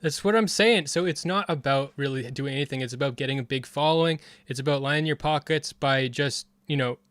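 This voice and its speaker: A man's voice: mid-range voice, a little fast, fairly bright tone, dry recording, clean studio sound. A man commenting casually on a debate clip, heated and rambling with frequent restarts. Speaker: streamer reviewing a debate.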